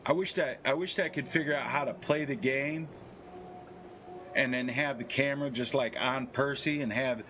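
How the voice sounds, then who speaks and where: A man's voice: medium pitch, normal speed, bright, forceful tone, lo-fi sound, a little hiss or hum. A man chatting casually on a live game stream, telling profane, boastful stories.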